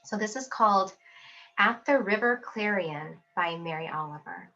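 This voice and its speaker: A woman's voice: medium pitch, animated, moderate pace, bright, forceful tone. A woman in her thirties, an herbalist, talking casually to camera from her home office, chatty and reflective with fillers and small laughs. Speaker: herbalist and herb school teacher. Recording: slightly dull lo-fi audio, not her usual mic.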